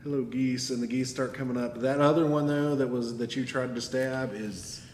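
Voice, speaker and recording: A man running a tabletop game as game master, playful and quick to laugh. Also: medium pitch, steady tone, darkish tone. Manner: laughs often, loose and playful. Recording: echoey room with long reverb, faint background noise.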